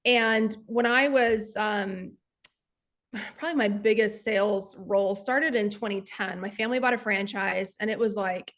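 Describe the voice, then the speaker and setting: Unhurried and fairly bright, her mid-range voice carries earnest, emphatic motivational stories. She's a Texas sales coach on as a guest, and she talks to listeners as "y'all."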